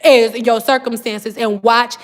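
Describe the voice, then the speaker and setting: A woman's voice: on the high side, fairly even intonation, unhurried. A woman, chatting casually on a livestream and often saying "girl" and "y'all". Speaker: livestream host.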